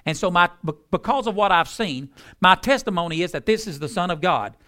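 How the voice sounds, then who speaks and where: A man's voice: sits high, expressive, brisk, bright, forceful tone. A man preaching a sermon, emphatic and folksy, stretching words out for drama.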